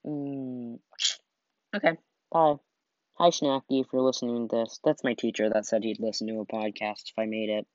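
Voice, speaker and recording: A tired young man talks through a casual solo podcast, rambling, trailing off and leaning on "like" constantly. His voice sits at a middling pitch. The recording is dull, lo-fi and dry, with no room sound. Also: flat delivery, moderate pace, a little mellow, no echo. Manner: rambling, heavy use of "like", trails off.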